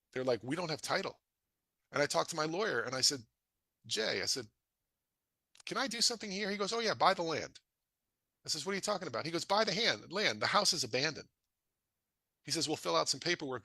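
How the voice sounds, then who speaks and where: Lively, bright-voiced man. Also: dry recording. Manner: energetic, folksy, acts out dialogue with rising pitch. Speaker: real estate investor presenting a webinar. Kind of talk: animated presentation to an audience.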